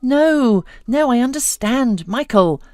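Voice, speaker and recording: A woman's voice: on the high side, animated, no echo, clean studio sound, soft background music, pitched above the performer's own voice, close to an everyday voice. A woman voicing a whiny, scheming young homeless woman who talks in a hurry. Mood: hasty. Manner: whiny, hurried.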